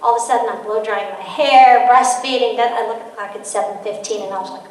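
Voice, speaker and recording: A middle-aged woman giving a lively parenting talk to an audience, telling stories and acting out quoted voices. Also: a little high, quick pace, few pauses. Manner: storytelling with quoted voices and laughter. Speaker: guest speaker on parenting. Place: large hall. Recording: echoey hall from far off, faint noise.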